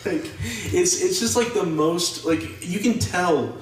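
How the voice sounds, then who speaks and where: A young man in casual podcast chat about movies, rambling and animated. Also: high voice, slow. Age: young adult. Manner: rambling, animated, mocks actors' accents. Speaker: podcast co-host. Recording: echoey room, distant mic, faint noise.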